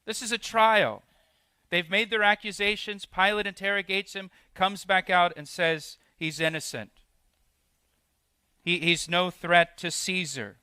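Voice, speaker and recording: Male pastor, expository sermon; bright, forceful voice, slightly high, dry close sound. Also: steady tone, unhurried, clean tone, no room sound.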